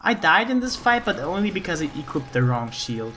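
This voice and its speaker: A man's voice: sits high, big pitch swings, fairly quick, pushed and bright. A man hosting a let's play, casually talking through his own gameplay. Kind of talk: gaming commentary. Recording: noisy background.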